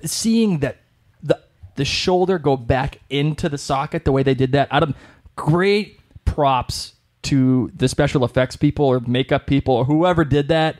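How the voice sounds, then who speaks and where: Excitable man co-hosting a podcast. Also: a little high, unhurried. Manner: excitable, gushing. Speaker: podcast co-host. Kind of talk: casual chat.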